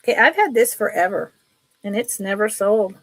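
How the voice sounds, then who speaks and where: A middle-aged woman chatting casually while selling jewelry on a live sale, telling stories in an animated way. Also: medium pitch, normal speed, no room sound.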